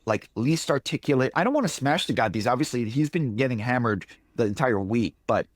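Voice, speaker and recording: A man co-hosting a casual podcast, speaking emphatically and slowing down to stress his points. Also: mid-range voice, expressive, no room sound, clean studio sound. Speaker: podcast co-host.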